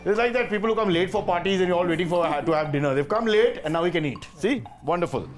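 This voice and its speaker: Man, Indian English accent, quiz show host, playful, teasing, high-pitched. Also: lively intonation, faint music behind. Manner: playful, teasing, quick asides. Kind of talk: joking game show hosting.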